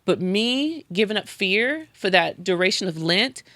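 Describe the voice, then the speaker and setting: A woman's voice: mid-range voice, animated, a little slow, fairly bright tone, no room sound. A woman from Los Angeles, a podcast guest who works in real estate, telling stories in a casual interview and acting out her own past words. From Los Angeles, USA.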